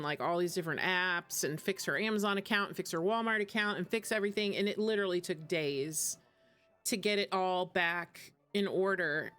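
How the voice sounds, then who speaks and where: A woman's voice: mid-range voice, fairly bright tone. A woman streaming a game and chatting casually in a rambling way, laughing often between asides. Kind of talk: casual chat while gaming.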